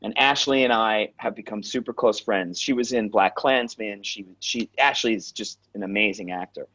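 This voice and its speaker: A man with a New York accent speaks in a fairly low voice, blunt and animated as he tells stories in a casual interview. He swears freely and gets straight to the point. The recording is dull and lo-fi. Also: moderate pace. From Queens, New York. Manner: direct, animated storyteller who swears. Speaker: actor, guest. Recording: dull lo-fi sound.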